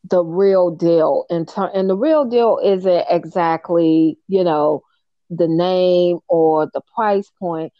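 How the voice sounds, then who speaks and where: A woman host with a lower voice talks slowly and deliberately. She is candid and emphatic in conversation with her guest. The audio is dull and dry. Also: no room sound. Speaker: podcast host. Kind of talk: conversational interview.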